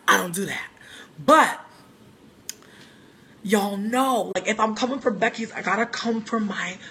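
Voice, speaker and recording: A livestream host ranting to viewers in a brash, loud, profane and sassy way, speaking from a bar. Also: mid-range voice, measured pace. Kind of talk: brash casual rant to viewers.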